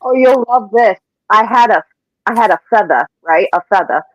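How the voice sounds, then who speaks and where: A woman with a Massachusetts accent, chatting as a guest and telling a story with excitement and easy laughs. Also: medium pitch, normal speed, muffled recording. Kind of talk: casual chat.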